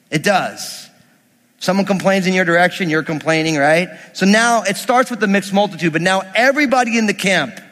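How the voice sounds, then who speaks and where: A man preaching a sermon, reading scripture and explaining it with animated, acted-out quotes from the people in the story. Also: high voice, long reverb tail.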